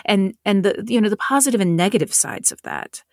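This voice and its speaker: A woman's voice: medium pitch, animated, brisk, no echo, studio quality. A woman from North Carolina, an author and narrator, talking in an interview in a thoughtful way, often restarting and repeating words. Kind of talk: conversational interview.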